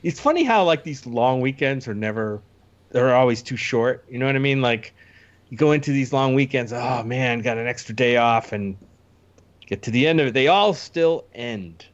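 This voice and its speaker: Male co-host, relaxed and rambling, slightly dull lo-fi recording. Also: medium pitch, normal speed. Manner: easygoing, rambling. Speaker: podcast co-host. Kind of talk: casual podcast chat.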